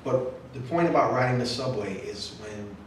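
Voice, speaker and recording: An author with a medium-pitched voice chats at a moderate pace with young readers in an event room at a literary center, fielding their questions, joking and acting out quoted voices. The recording is very echoey and taken from far off, with faint noise.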